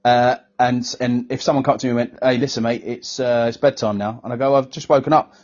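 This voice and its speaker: Male co-host, easygoing banter, mid pitch, lo-fi sound. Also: steady tone, brisk, a little mellow. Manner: blokey, laid-back banter. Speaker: podcast co-host. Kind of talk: casual chat. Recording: dull lo-fi recording.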